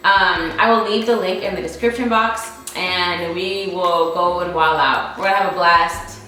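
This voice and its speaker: A woman's voice: fairly low pitch, fairly even intonation, moderate pace, bright, forceful tone, distant mic. Chatty young woman in an echoey room. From United States. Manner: chatty and emphatic, repeats points for stress. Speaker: vlogger answering viewer questions. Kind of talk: casual Q&A chat. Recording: very echoey room, faint music.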